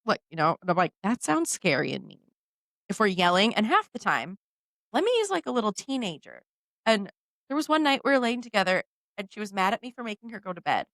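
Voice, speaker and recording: A woman's voice: medium pitch, fairly quick, no echo. A woman, co-hosting a podcast in casual chat and acting out the voices in her stories. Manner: animated storyteller, acts out quoted voices. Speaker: podcast co-host.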